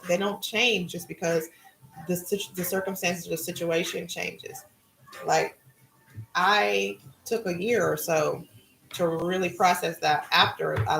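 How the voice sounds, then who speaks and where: Middle-aged woman, gravelly voice, casual spiritual talk, card-reading host, echoey room. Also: fairly low pitch, slight background noise. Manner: relaxed, musing, conversational.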